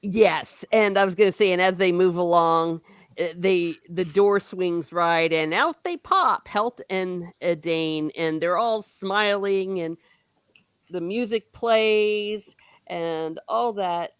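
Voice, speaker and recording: A woman hosting a casual book discussion, excitedly retelling the story and gushing over her favorite parts. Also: fairly low pitch, slow pace, clear, resonant tone, no room sound.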